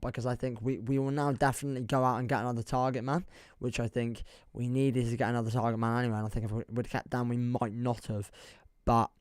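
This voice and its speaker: On a football livestream, a young man with an English accent rambles in a relaxed way, reading out the chat, laughing a lot, and making jokes at his own expense. He has a mid-range, slightly dark voice, captured in studio quality without echo.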